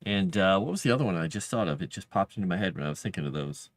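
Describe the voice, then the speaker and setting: Rambling man with a lively pitch. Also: rapid-fire. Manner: rambling, reads his drafts aloud under his breath. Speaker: live streamer writing fantasy lore. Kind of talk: casual live-stream chat.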